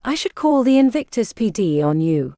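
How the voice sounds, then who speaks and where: A woman's voice: on the high side, big pitch swings, normal speed, mellow, no echo, clean studio sound. A woman reading the part of an arrogant male hospital doctor who speaks with contempt and threats. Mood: threatening.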